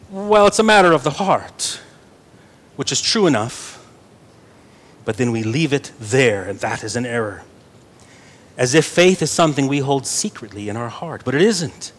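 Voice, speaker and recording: A young man with a slightly high voice delivers a sermon. He reads scripture with earnest weight and breaks in with light, playful asides. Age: young adult. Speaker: pastor.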